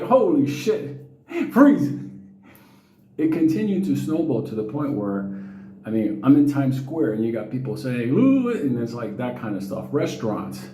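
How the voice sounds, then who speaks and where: A middle-aged man, telling stories to his viewers in a casual, profane, animated way. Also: a little high, reverberant, rough recording. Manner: profane, animated, quotes people in raised voices. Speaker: vlogger.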